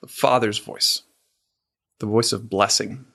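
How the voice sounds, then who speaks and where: A man guides a men's faith group gently and sincerely, voicing the members' answers and slowing whenever he quotes them. His pitch is medium.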